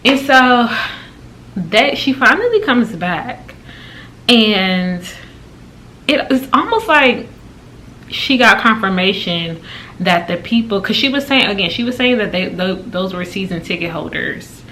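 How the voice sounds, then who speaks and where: A woman vlogger telling a story in a casual, exasperated way, with her pitch jumping high when she quotes people. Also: unhurried, slight background noise. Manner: animated and exasperated, with big pitch jumps when quoting.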